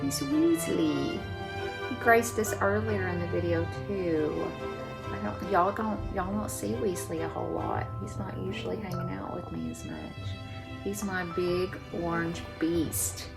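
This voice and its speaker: A woman's voice: measured pace, vocal fry, loud music behind the voice. A woman, chatting casually to her viewers as host of a crochet channel. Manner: chatty and relaxed, rambling; high sing-song baby talk to her cats. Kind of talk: casual chat to camera.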